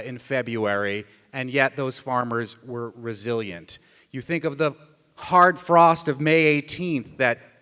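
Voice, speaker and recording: A man, a radio host, emceeing a live storytelling event on stage with energetic, joking delivery. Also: mid-range voice. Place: stage in a hall with live audience. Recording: long hall reverb.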